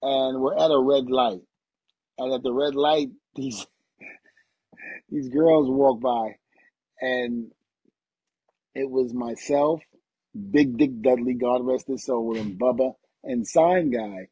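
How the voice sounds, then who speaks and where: A man's voice: mid-range voice, takes it slowly, long pauses, warm tone, husky, no echo, low-quality recording. A middle-aged man, a retired pro wrestler, telling casual anecdotes as a guest and laughing through them.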